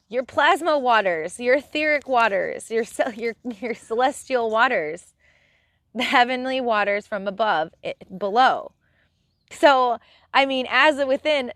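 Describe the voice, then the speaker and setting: A woman's voice: on the high side, unhurried, a bit bright, no echo, studio quality. A woman hosting a live stream who talks bluntly and exasperatedly in a casual spiritual rant, swearing freely.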